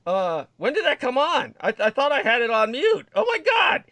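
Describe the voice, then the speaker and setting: A man's voice: very high voice, wildly swooping pitch, moderate pace, bright, forceful tone, no echo. A man hosting a livestream, talking casually with lots of ums and uhs and flustered exclamations. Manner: flustered, exclaiming, many fillers. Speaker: livestream host.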